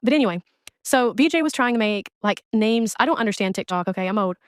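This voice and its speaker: A woman's voice: mid-range voice, expressive, quick pace. A woman delivering a blunt, scornful commentary rant, speaking close to the mic. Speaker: commentary creator. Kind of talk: ranting commentary on another streamer.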